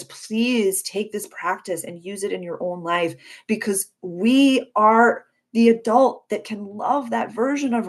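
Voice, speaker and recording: Woman, 30s, live-stream astrology host; lowish voice, effusive and encouraging, loose conversational delivery. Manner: warm, effusive, spiritual coaching tone, reads out viewer comments. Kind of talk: casual live-stream talk to viewers.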